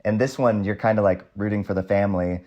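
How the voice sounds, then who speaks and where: A man's voice: lowish voice, steady tone, fast, a little mellow, muffled recording. A man chatting casually as co-host about a movie, enthusiastic and chuckling. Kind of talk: casual movie review chat.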